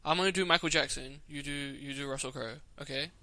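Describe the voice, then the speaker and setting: Bright-voiced young man, joking crudely. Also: a little high, fast talker, dry recording. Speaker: podcast co-host. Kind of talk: casual chat.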